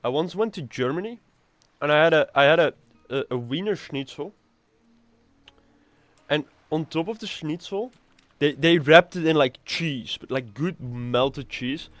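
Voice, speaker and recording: A man's voice: fairly high pitch, expressive, unhurried, fairly bright tone, no echo. A man streaming a video game live, chatting and rambling casually and swearing freely. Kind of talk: casual live gameplay commentary.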